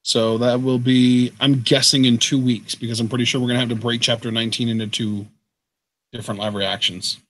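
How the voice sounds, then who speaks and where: A man's voice: mid-range voice, little pitch movement, a little fast, a bit bright, no room sound. A man co-hosting a live wrestling reaction, playfully teasing his co-host.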